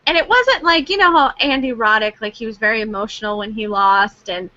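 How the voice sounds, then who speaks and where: A woman co-hosting a casual chat, animated and laughing as she acts out reactions. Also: on the high side, a little fast, muffled recording. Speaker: co-host.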